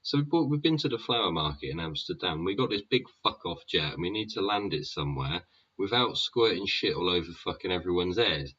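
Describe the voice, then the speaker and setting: A man's voice: low-pitched, animated, brisk, pushed and bright, slightly rough. A man hosting a show, rambling in a sweary monologue full of tag questions like "yeah?" and "wouldn't ya?". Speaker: podcast host. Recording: dull lo-fi recording.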